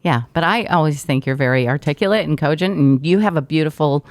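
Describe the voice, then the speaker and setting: Low-voiced woman telling stories. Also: fast talker, dry recording. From Brazil. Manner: warm, storytelling, laughs often, trained radio delivery. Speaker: radio personality guest. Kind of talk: casual interview chat.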